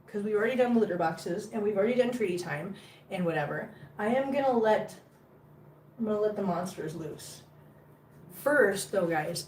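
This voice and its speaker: Woman chatting in a roomy house. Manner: coaxing high sing-song baby talk to cats. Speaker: cat vlogger. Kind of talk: casual livestream chat. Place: home hallway. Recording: roomy, from a distance, faint background noise.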